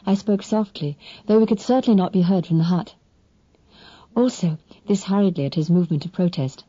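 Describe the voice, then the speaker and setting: Woman reading an audiobook, warm mellow voice, dry and kinda dull lo-fi sound. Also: lowish voice, no echo. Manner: measured, expressive storytelling. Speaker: audiobook narrator. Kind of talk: scripted first-person narration.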